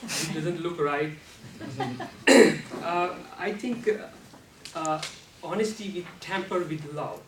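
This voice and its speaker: A man giving a prepared club speech on how to use the voice, speaking slowly and deliberately with non-native grammar, and now and then showing off sudden jumps in pitch and loudness. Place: meeting room. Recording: echoey room, speaker far from mic, faint noise.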